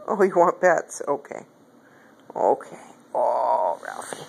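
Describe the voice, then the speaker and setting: A woman talks to her cat at home, filmed on a phone, in coaxing, affectionate pet talk. Her voice leaps and dives over a very wide span while her pace stays slow and drawn out. The tone is gravelly and husky. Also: a bass voice, very animated, darkish tone. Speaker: pet owner. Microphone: phone camera.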